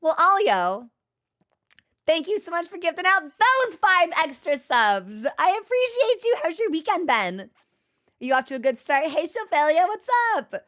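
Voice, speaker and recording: A woman with a fairly high voice, talking casually to her stream audience. She rambles from one thought to the next and laughs easily. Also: big pitch swings, a bit bright. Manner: chatty, rambling, quick to laugh. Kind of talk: casual livestream chat.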